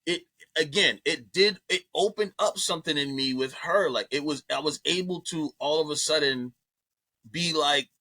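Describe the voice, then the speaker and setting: A man on a podcast telling a story in a loose, profane way, acting out what people said. His voice is bright and forceful, and it sits a little high for a man. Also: normal speed. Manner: animated, profane, acts out quotes in voices. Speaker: comedian guest. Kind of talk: casual storytelling chat.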